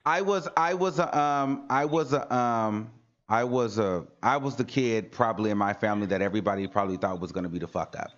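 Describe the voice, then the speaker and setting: A man's voice: on the low side, fairly quick. Earnest preachy man, lo-fi stream audio. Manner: earnest, preachy, repeats himself for emphasis. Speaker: talk show host. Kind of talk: casual motivational livestream talk.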